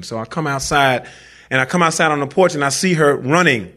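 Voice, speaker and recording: On stage, a slangy man recounts a personal story straight to the crowd in a loose, conversational way. His voice runs high, fairly quick, bright and pushed.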